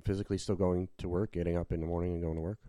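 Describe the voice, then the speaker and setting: A man's voice: sits low, flat delivery, very fast, mellow, no room sound. A man hosting a casual podcast chat, rambling with restarts and fillers. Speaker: podcast host and working cover-band musician. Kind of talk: casual conversation.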